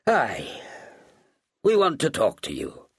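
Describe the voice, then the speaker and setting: A man voicing a solemn older sailor who agrees in short, measured phrases. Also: on the low side, big pitch swings, fairly bright tone, slightly rough, clean studio sound, voice pushed up, full character voice. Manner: solemn, agreeable, echoes others.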